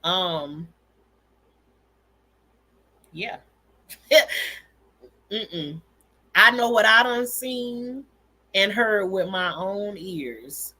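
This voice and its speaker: A woman's voice: mid-range voice, animated, very slow, pauses often, sharp tone. A woman hosting a casual livestream, telling stories about family and her kids with candid emphasis and frequent laughter. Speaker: livestream host and mother.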